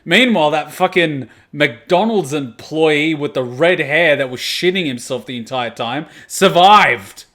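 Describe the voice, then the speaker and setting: A young man hosting an anime reaction video, chatting casually with plenty of swearing and sudden loud outbursts. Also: a little high, unhurried, hardly any pauses. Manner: profane, animated, breaks into loud outbursts.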